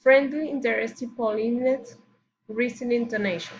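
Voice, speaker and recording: A woman, a Spanish native speaker, carefully reading English pronunciation and intonation drills aloud. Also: fairly high pitch. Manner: slow, careful, deliberate word-by-word reading. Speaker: language learner. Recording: slightly dull lo-fi recording with faint background noise.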